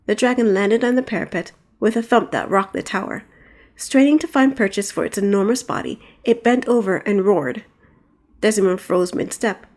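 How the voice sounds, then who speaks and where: A woman narrating her own fantasy audiobook with expressive storytelling. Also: medium pitch, normal speed. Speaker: author and narrator.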